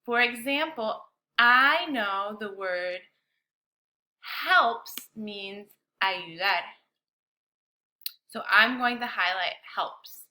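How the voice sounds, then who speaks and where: A woman teacher leading a bilingual science lesson for children, speaking slowly and clearly with an encouraging classroom manner. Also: mid-range voice, bright, forceful tone.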